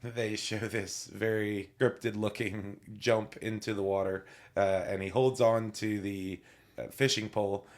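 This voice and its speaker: A man's voice: fairly low pitch, fairly even intonation, unhurried. A man co-hosting a casual legal podcast, recapping scenes in a chatty way with light humor and occasional stumbles. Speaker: podcast co-host, attorney.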